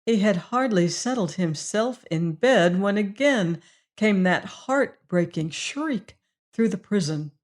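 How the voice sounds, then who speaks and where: A woman reading a classic mystery story aloud as an audiobook narrator, in a measured style. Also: mid-range voice, animated. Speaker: audiobook reader.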